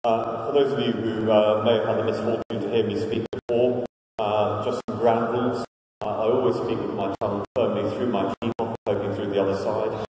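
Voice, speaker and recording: A man's voice: fairly low pitch, flat delivery, fairly quick, a little mellow, a little hiss or hum. A man from Liverpool giving a humorous conference talk with wry, self-mocking jokes, recorded from far off in a church hall. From Liverpool, England. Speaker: conference speaker.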